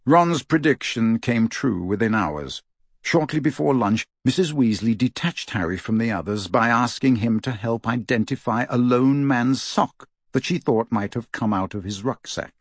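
Husky, lively male storybook reader. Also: mid-range voice, normal speed, no echo, clean studio sound. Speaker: audiobook reader. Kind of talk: storybook narration.

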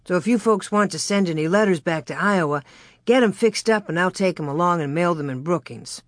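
A woman reading a storybook aloud, voicing a calm, reassuring pioneer father. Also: fairly low pitch, a little fast, dry recording, studio quality, natural voice.

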